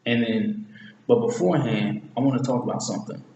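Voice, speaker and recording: A man's voice: mid-range voice, brisk, creaky, warm tone, lo-fi sound. A man casually analyzing a movie, rambling, correcting himself often and using slang. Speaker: movie reviewer. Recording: echoey room with long reverb, faint hiss.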